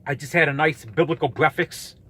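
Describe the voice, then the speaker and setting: A man's voice: a little high, brisk, bright, forceful tone, slightly rough. A man in his thirties ranting in a vlog, blunt, combative and profane as he calls out a rival. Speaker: YouTuber calling out a rival.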